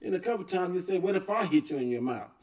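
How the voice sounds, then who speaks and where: A man's voice: high-pitched, animated, quick pace, darkish tone, recorded from a distance. A man hosting a reaction video, commenting on a clip in a laid-back way and agreeing often.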